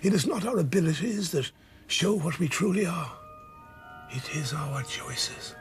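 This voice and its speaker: A wise old wizard headmaster with an Irish accent. His delivery is smooth and almost poetic, rising and falling like a song, set fairly high. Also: expressive, a little slow, soft background music. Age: older.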